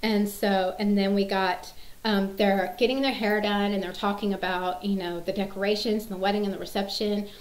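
A woman's voice: mid-range voice, flat delivery, normal speed, echoey room, low-quality recording. A woman in her thirties chatting casually to camera, rambling with many fillers and restarts. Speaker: mom sharing favorite movie quotes.

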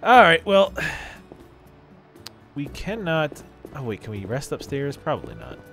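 A man's voice: fairly high pitch, wildly swooping pitch, unhurried, creaky, music in the background. A man casually commentating on a role-playing game he is playing, joking, swearing and putting on silly voices. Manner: jokey, profane, puts on silly voices. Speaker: let's play host.

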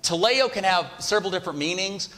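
A man's voice: high voice, expressive, fast, bright, forceful tone. Conversational male preacher, reverberant hall. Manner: conversational, asks the congregation questions. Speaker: pastor. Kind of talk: sermon. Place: church sanctuary.

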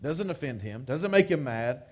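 A man's voice: mid-range voice, animated, moderate pace. A man preaching a live-streamed sermon, talking conversationally and often checking in with "right?". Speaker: pastor.

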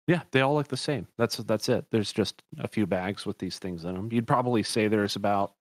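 Low-voiced man as game master. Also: brisk, dry recording. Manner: rambling, self-correcting descriptions. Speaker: dungeon master. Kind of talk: narrating a tabletop game.

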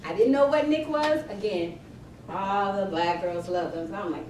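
A middle-aged personal chef from Cleveland, Ohio, talks at a moderate pace in a medium-pitched voice, animatedly telling laugh-filled stories to a crowd at a library event. The distant mic picks up room echo, the audience and slight background noise.

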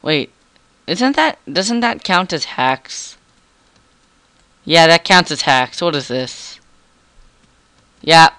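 Teen boy, game commentary, goofy rambling, higher voice, clear and dry. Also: very animated, slow, long pauses, sharp tone, dry recording. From Canada. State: frog in throat. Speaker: gamer. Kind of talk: gameplay commentary.

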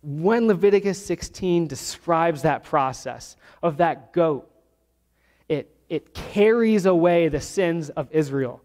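A man with a high voice preaches to his congregation, working through the text verse by verse. He slows down to stress the key words. His voice rings with a long reverb in the church sanctuary. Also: animated, a little mellow. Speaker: pastor. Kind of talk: sermon.

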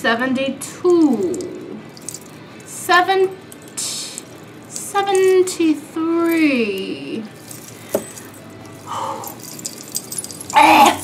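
Noisy background surrounds this young beauty vlogger's higher-pitched voice as she chats casually at home. Playful and sassy, she keeps calling her viewers darlings and girls.

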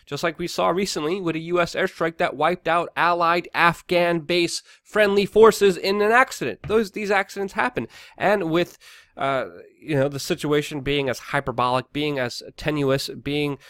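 A man's voice: a little high, fairly even intonation, normal speed, fairly bright tone, no room sound, studio quality. Heated man ranting on the news. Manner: heated, ranting, many fillers and restarts. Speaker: political commentary host. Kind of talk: opinionated news commentary.

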